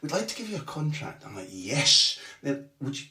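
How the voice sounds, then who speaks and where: A man's voice: mid-range voice, moderate pace, far from the mic, a little hiss or hum. A man, a football journalist, telling a story on a casual podcast, swearing freely, restarting his sentences and acting out what other people said. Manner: animated, swearing, restarts often, acts out quotes. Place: small bathroom at home, remote call. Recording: echoey small room, off-mic.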